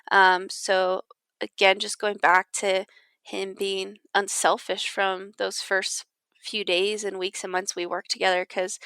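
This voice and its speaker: A woman talks easily and chattily as an interview guest, her voice smooth and clean. The sound is close and dry with no room around it. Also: medium pitch, a bit bright, dry recording. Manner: chatty, filler-heavy, quotes herself and others. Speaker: professional mountain runner, guest. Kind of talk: casual interview talk.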